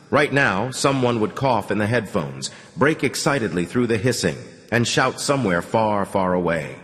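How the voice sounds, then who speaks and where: A man reading an audiobook in measured, somber scripted narration. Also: on the low side, big pitch swings, fairly bright tone. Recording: long reverb.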